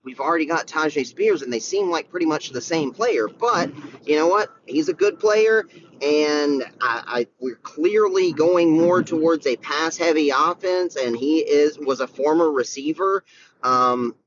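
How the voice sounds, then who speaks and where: A man's voice: on the high side, a little slow, fairly bright tone, lo-fi sound, slight background noise. Rambling, upbeat man hosting a sports chat. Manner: rambling, enthusiastic, frequent fillers and restarts. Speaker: sports podcast host. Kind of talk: casual solo chat.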